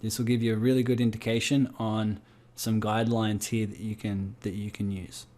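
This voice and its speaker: A man's voice: lowish voice, level tone, normal speed, dark tone. A man with an Australian accent leading a group coaching call over a video call, firing rhetorical questions at his listeners. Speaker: business coach.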